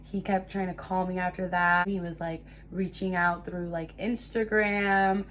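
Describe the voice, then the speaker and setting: A young woman telling a casual storytime to her viewers, animated and swearing freely. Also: on the low side, a little slow, slight background noise. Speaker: storytime vlogger.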